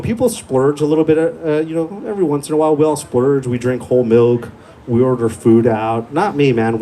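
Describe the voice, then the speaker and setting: A young man working a stand-up set in a small club, swearing freely and telling stories at an easy, laid-back pace. His voice is dark and mellow, held close on a handheld mic. A faint hum of room noise sits behind him. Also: medium pitch. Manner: crude, profane, laid-back storytelling. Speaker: stand-up comedian.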